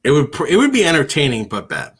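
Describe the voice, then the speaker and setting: A man's voice: fairly high pitch, huge pitch swings, quick pace, breathy edge. A man co-hosting a sports radio show in casual chat, with dry, laconic replies. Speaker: podcast co-host.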